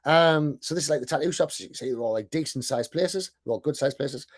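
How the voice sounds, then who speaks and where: A business owner and online sales coach speaks fast in a slightly high voice, his thick accent clear as he gives a casual, chatty sales talk. He's self-deprecating and keeps tossing in "right?".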